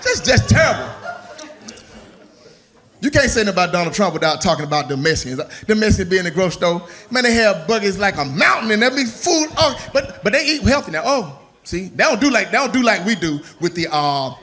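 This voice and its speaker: A male comedian on stage with a high, bright voice that rides up and down as he lands each line. His delivery is animated and punchy, built on stand-up rhythm. He sounds lively and sharp throughout the set. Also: fast, hardly any pauses.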